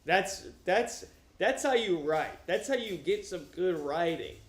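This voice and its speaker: A man with a high-pitched voice and lively intonation chats casually and profanely on a livestream, joking around as he reads a novel aloud at a measured pace. He wears headphones in a room at home with his dog, and the sound has a roomy echo.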